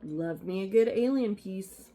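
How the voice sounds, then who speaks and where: A woman's voice: medium pitch, unhurried, mellow. A woman chatting casually at home as she shows off her cross-stitch finds, rambling into asides with frequent ums. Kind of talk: casual show-and-tell chat. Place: at home in an apartment.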